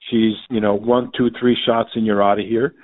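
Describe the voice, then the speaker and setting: A man's voice: lowish voice, level tone, moderate pace. Man on a tinny phone line. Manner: rambling, lots of you-knows and restarts. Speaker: tennis journalist guest. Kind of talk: phone interview.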